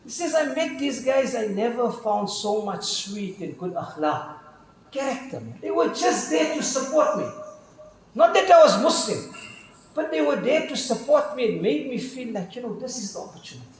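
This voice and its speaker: A man's voice: very high-pitched, big pitch swings, moderate pace, a little hiss or hum. A middle-aged man with a South African accent, an imam telling stories in a sermon with quoted dialogue and casual slang. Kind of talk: sermon storytelling. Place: mosque hall. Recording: very echoey mosque hall.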